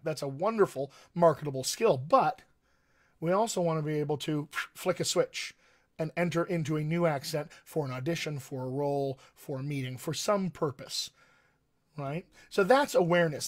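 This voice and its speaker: A man working as a dialect coach, answering viewer questions on a live stream in a friendly, encouraging way with frequent fillers. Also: fairly high pitch.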